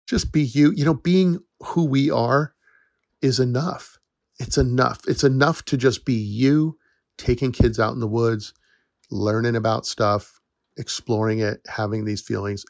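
Earnest man with a gravelly voice. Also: medium pitch, no room sound, studio quality. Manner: earnest, reassuring, laughs often. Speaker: podcast host, forest educator. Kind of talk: casual solo podcast talk.

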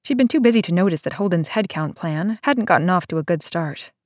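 Woman, audiobook narrator, steady storytelling, low voice, dry sound. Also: a little fast, dry recording. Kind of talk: scripted narration.

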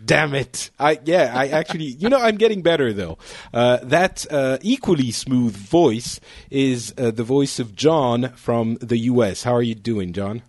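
A man hosts a relaxed international panel show, joking and teasing his guests with quick asides. His voice sits at an ordinary middle pitch, recorded close and dry with no room sound. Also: no echo. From France. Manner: playful, teasing, quick to laugh. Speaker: podcast host. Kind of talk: casual panel chat.

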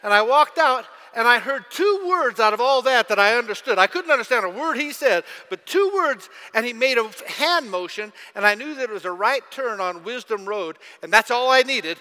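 Casting: bright, sharp-voiced male pastor, storytelling sermon, echoey church hall. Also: very high voice, animated, moderate pace, few pauses. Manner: storytelling, asks audience questions.

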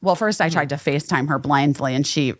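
A woman co-hosts a podcast, her voice sitting low and moving fairly quickly, captured in a dry, studio-quality recording. In a casual chat she tells stories with animation, acting out other people's voices.

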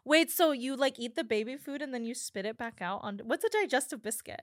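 A woman's voice: sits high, lively intonation, a little fast, no echo, clean studio sound. A woman guesting on a podcast, chatting casually with a giggly, easygoing manner. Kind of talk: casual chat.

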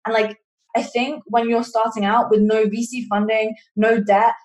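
A woman's voice: on the high side, level tone, moderate pace, a little mellow. A young woman in her twenties with an English accent, talking casually as a podcast guest and using lots of fillers. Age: 20s. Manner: chatty, many fillers like "like". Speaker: podcast guest, online coaching entrepreneur. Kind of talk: casual interview talk. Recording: roomy echo.

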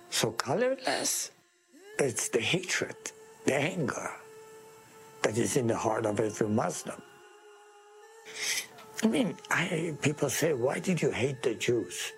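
Slow, earnest man with an Iranian accent. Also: mid-range voice, very animated, vocal fry, faint music behind. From Iran. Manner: slow, earnest, emphatic storytelling. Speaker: interviewee. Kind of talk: testimony interview.

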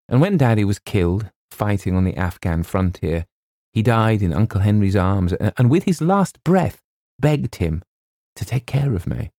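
A wistful, dutiful young woman speaks softly and earnestly, as a man reads her, in a lightly raised voice over a gravelly, dark base. The sound is close and dry. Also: lowish voice, no echo. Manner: soft, earnest, faintly hesitant.

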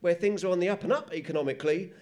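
A man delivers a stand-up bit in a high, light voice. He is wry and animated, riffing for laughs on a comedy panel show. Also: very fast.

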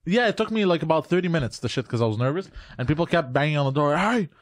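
A man in casual chat, telling a rambling account in halting, repetitive phrases. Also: on the high side, animated. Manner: rambling, halting, repeats himself.

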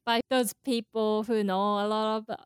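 Woman, podcast co-host; clear resonant tone, halting and thoughtful, dry close sound. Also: mid-range voice, flat delivery, no echo. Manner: thoughtful, halting explanations with many fillers. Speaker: co-host explaining Japanese pitch accent. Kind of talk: casual podcast chat.

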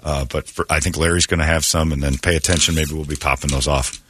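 A man's voice: very deep voice, fairly even intonation, fast talker, fairly bright tone, a little hiss or hum. A man hosting a morning radio show, joking and rambling with his co-hosts and laughing often. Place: radio studio.

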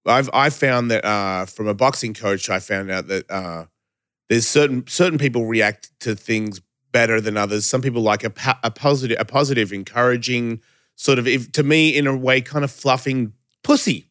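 A man hosting a casual conversation, rambling and swearing freely, cutting in with quick questions. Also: mid-range voice, a bit bright, no echo, clean studio sound. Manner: rambling and profane, quick interjections. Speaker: host.

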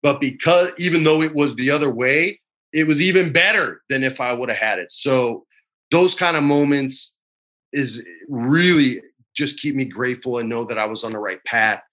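A man in his forties talks in a relaxed, easy interview from his home. His voice has a bright, pressing edge. He tells his stories openly and gets choked up at times. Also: mid-range voice, normal speed. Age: 40s. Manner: emotional, choked up while storytelling; laid-back, says man and dude a lot. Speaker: actor guest. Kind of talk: casual interview chat.

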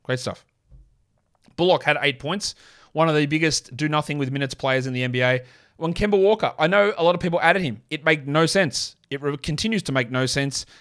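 A man hosting a casual sports show, reading off stats quickly with blunt, sarcastic commentary. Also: fairly high pitch, a bit bright, smooth. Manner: blunt, sarcastic, rapid-fire stat reading. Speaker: podcast host.

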